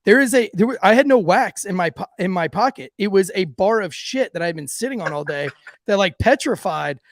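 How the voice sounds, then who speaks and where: Raspy high-voiced man telling a story. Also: animated, fairly quick, no echo, studio quality. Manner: profane, rambling, lots of "like". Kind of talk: casual storytelling.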